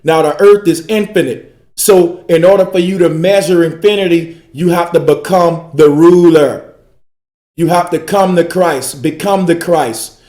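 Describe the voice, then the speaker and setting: A man's voice: fairly high pitch, darkish tone, reverberant. A man giving a preachy esoteric lecture, emphatic and repetitive, dragging out key words for wordplay. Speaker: speaker in a group call.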